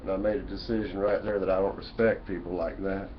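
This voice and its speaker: A man with a fairly low voice rambles through a preachy, folksy monologue to his webcam. The audio is dull and lo-fi, with faint room noise behind him. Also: little pitch movement, fast talker. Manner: folksy, preachy, repeats "you know" and "man". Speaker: vlogger. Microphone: webcam mic.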